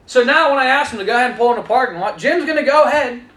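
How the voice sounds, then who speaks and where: A man with a very high, bright voice coaches salespeople, talking straight to his trainees and acting out his own lines to customers. The talk sounds energetic, and his voice rings in an echoey room. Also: racing. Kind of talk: instructional talk with acted-out dialogue.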